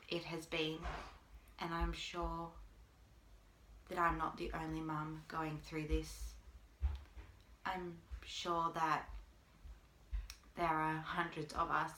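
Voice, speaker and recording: A woman speaks to camera about her family, holding back tears. Her delivery is halting and full of long pauses. Her voice sits a little low but has a bright, forceful edge, and the room around her rings with echo. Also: slight background noise. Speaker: mother. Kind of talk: personal video appeal. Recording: echoey room.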